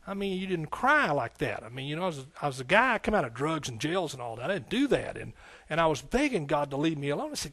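A man's voice: a little high, fast talker, slightly rough. Folksy, fiery man preaching a sermon. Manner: folksy, energetic preaching with repeated phrases and calls of "amen". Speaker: pastor and Bible teacher.

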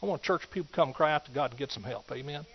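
A man preaching a sermon, swinging between loud exhortation and hushed asides. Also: on the high side, rapid-fire, slightly rough. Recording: dull lo-fi recording.

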